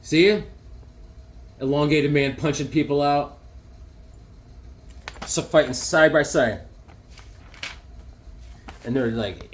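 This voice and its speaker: A man's voice: on the high side, slow, long pauses, slight background noise. A man casually chatting as he shows off his comic book collection, rambling and enthusiastic. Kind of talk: casual show-and-tell chat.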